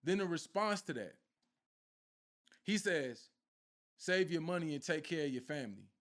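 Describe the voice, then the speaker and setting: High-voiced man preaching casually to viewers. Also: animated, moderate pace, fairly bright tone. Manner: preachy, repetitive, addresses viewers directly. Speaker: spiritual content creator. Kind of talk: casual spiritual talk to viewers.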